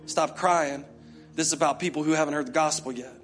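A male pastor preaching a sermon with passion, acting out prayers in quick repeated bursts. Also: on the high side, fairly even intonation, faint music behind.

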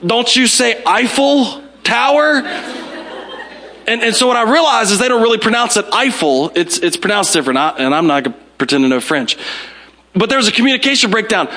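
A man from the United States in his forties, preaching a sermon as a pastor through animated, self-mocking stories, often repeating words as he starts a sentence. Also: high voice, fast talker. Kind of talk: storytelling sermon.

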